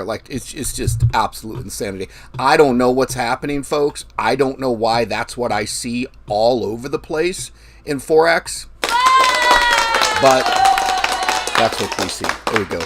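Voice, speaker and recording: A man's voice: mid-range voice, animated, a little slow, dry recording. A man hosting a forex trading livestream, talking loosely and projecting his voice with the mic right at his mouth. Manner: loose, rambling, curses casually, projects voice close to mic. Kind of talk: casual live-stream talk. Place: traveling, recording himself. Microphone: mic held very close to mouth.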